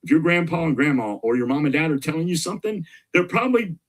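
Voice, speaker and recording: Middle-aged male guest, husky, pushes his points with energy and repetition. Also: fairly high pitch, fast. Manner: energetic, emphatic, repeats key points. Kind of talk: casual interview talk.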